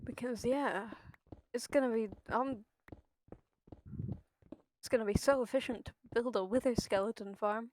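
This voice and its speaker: A woman's voice: fairly high pitch, normal speed, pauses often, darkish tone, slight background noise. A woman streaming a game, chatting casually with her viewers and swearing freely. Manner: chatty, swears freely, talks to chat while playing.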